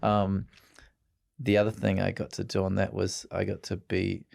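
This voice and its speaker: A man's voice: low-pitched, monotone, normal speed, vocal fry, a little mellow. A middle-aged man with a New Zealand accent, a guest telling rambling, self-mocking stories in casual chat. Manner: rambling, self-mocking storyteller who laughs often.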